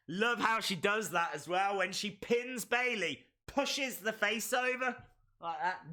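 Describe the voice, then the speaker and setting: Male streamer, excitable play-by-play host; high, very bright voice. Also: takes it slowly, a little hiss or hum. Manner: excitable play-by-play, bursts into shouts. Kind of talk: live reaction commentary.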